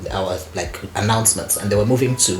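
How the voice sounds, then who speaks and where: A woman guest telling stories in casual conversation, animated and laughing often, with lots of "you know" fillers. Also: rumbling low, quick pace. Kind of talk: conversational storytelling. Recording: echoey room.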